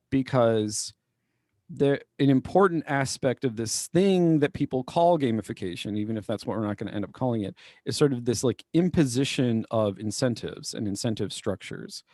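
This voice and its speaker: A playful man co-hosting a casual podcast, his pitch jumping around freely as he talks. He laughs easily. The sound is dry, with no room around it. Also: warm tone, no echo. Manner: playful, laughs often, reads aloud in a put-on radio voice. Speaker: podcast co-host. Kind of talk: casual chat.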